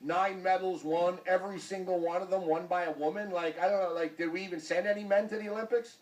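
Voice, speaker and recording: A man's voice: high voice, fairly even intonation, quick pace, distant mic, low-quality recording. A man hosting a sports talk show, joking and teasing his guest, often repeating himself. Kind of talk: casual sports chat.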